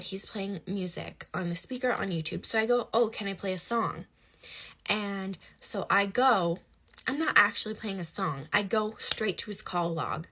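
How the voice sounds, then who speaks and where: A young woman telling a personal story in casual conversation, animated, swinging between hushed asides and loud outbursts. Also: medium pitch.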